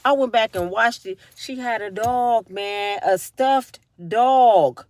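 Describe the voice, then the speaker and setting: A woman giving casual commentary, animated and acting out the voices of the people she talks about. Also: a little high, slow pace, no room sound, studio quality. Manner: animated, acts out voices of others mid-story. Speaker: vlogger.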